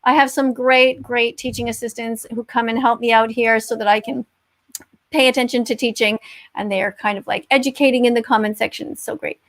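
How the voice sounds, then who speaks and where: Woman, high voice, livestream host, emphatic, moralizing, repeats her words. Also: fairly even intonation, a little fast, a bit bright. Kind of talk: livestream chat.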